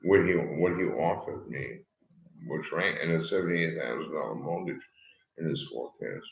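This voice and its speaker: A man rambling in a disjointed way, swearing and breaking into loud outbursts. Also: a bass voice, moderate pace, vocal fry. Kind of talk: rambling talk. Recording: echoey room, dull lo-fi sound.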